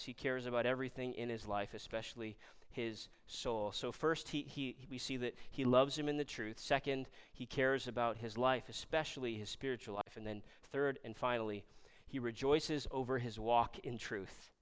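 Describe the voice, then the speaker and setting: Pastor, male, casual sermon delivery, smooth and slightly high voice, surges loud then drops quiet. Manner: conversational, animated preaching with frequent "right?"; rises loud and high when emphatic, drops low and soft on key points.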